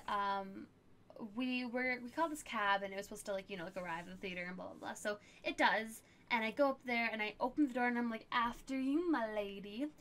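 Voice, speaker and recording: A young woman streamer with a slightly high, fairly bright voice chats casually as she answers viewer questions. Her talk is packed with fillers and laughter.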